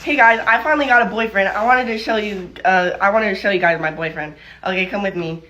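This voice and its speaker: A woman in a joking vlog clip, talking to viewers in a deadpan way. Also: mid-range voice, fast, muffled recording.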